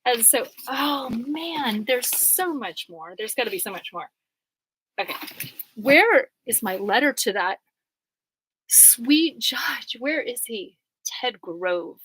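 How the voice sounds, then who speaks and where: A woman's voice: on the high side, expressive, slow, fairly bright tone, slight background noise, rough recording. A woman rambling casually over her court papers, chatty, laughing often and full of "like" fillers. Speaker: vlogger going through court papers.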